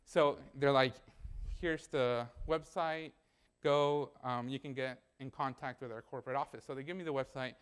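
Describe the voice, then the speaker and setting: Smooth-voiced young man preaching. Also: mid-range voice, steady tone, normal speed. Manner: conversational storytelling, acts out dialogue. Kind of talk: sermon with personal story. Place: church.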